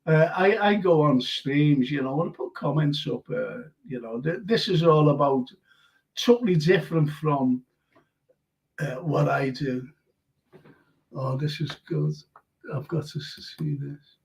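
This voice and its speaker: A man's voice: a little high, measured pace, a little mellow. An older man from Liverpool with a Scouse accent, hosting a live show in casual, rambling chat with many fillers and restarts. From Liverpool, England. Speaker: radio show host reading listener comments. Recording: dull lo-fi stream audio.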